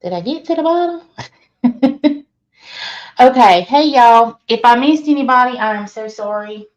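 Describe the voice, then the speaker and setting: This woman's voice is fairly high and animated, and she keeps a measured pace while greeting her live stream viewers one at a time. Laughing often, she hosts the casual stream from a laundry room, with audio that comes across as dull and lo-fi.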